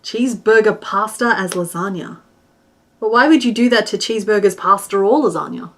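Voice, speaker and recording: A woman's voice: medium pitch, a little fast. A woman hosting a crochet livestream, chatting casually and giggling while she answers chat and counts stitches aloud.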